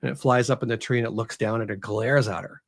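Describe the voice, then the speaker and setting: A man's voice: medium pitch, fast, gravelly. Man retelling a story animatedly. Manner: animated retelling, acts out characters. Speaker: author, podcast guest. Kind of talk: casual storytelling in an interview.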